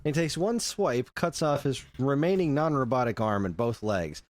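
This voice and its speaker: A man's voice: mid-range voice, normal speed, no echo. A man co-hosting a casual podcast chat, ranting animatedly about films. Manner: animated ranting, acts out quotes. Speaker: podcast co-host.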